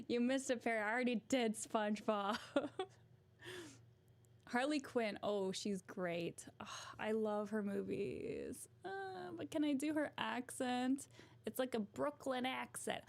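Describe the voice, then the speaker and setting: Woman, vlogger, giggly, self-mocking, unhurried, gravelly. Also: a little high, lively intonation. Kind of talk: casual chat to camera.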